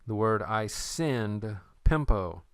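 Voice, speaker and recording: A Greek teacher lectures slowly and unhurriedly in a smooth, resonant, fairly low voice that is expressive and a bit bright. He explains patiently and slips in playful memory tricks, recorded close and dry with no room sound.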